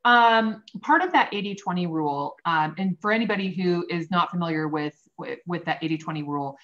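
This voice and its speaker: A woman's voice: lowish voice, fairly quick, a bit bright, highs cut off. A woman host coaching real estate agents in a friendly, direct way on a video call. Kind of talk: casual interview chat.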